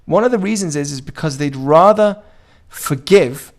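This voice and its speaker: In an informal Torah class, a man teaches a group conversationally, putting questions to the room and acting out quoted dialogue. His pitch is fairly high, his intonation lively, and he speaks at a normal speed.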